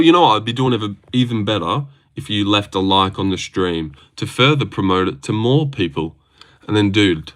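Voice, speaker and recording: A man's voice: fairly low pitch, a bit bright. A young Australian man hosting a casual livestream, reading out viewer comments and chatting in a rambling, laid-back, slangy way. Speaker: livestream host.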